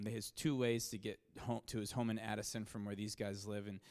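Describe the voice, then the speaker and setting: With a fairly low pitch and a brisk pace, this male pastor relates a story in his sermon. He speaks informally, stumbling through fillers and restarts, and his energy and volume climb at the dramatic moments.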